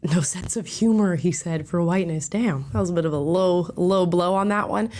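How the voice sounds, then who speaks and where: Low-voiced chatty woman. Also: brisk, darkish tone, a little hiss or hum. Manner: chatty, opinionated, laughs often. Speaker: reaction video host. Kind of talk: casual commentary.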